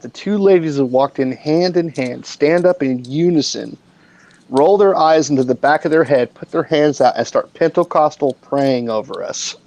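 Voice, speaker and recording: A man casually telling a funny workplace story on a live stream, lively and swearing freely. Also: mid-range voice, lo-fi sound.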